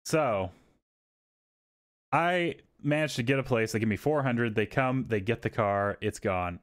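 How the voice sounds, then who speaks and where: Male podcast host, mid-pitched, casual storyteller, swears freely. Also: measured pace. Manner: animated, profane, acts out quotes.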